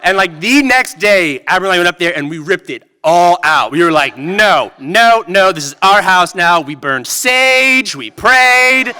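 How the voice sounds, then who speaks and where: A man performing a live story on stage into a microphone, animated and full of "like". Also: high voice, a little slow, hardly any pauses, clear, resonant tone. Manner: animated, peppered with "like". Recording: long reverb of a venue hall.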